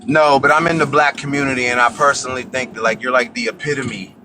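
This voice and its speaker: A man calling into a live debate, halting and hesitant, with many fillers. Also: medium pitch, fairly even intonation, background noise. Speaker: caller. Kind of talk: heated debate.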